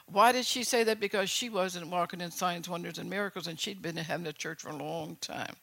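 Preacher reading bible verses then riffing on them, keeps asking all right?, mid-pitched voice, dry close sound. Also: steady tone, fairly quick, vocal fry, pushed and bright, no room sound. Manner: reads Bible verses aloud, then comments with personal testimony. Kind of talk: sermon with scripture reading.

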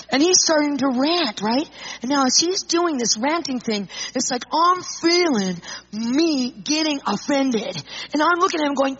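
A woman speaker telling an animated personal testimony to an audience, acting out the people in it. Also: high voice, measured pace, a little hiss or hum. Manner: animated storyteller, acts out quotes. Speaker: Christian speaker. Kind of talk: storytelling testimony. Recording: muffled lo-fi recording.

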